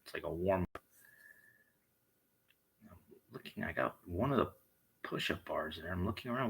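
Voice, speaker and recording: A man's voice: deep voice, animated, moderate pace, gravelly, long pauses, a bit bright, breathy edge, rough recording. A man delivering a blunt, heated monologue full of swearing. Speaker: vlogger. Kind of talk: profane monologue rant.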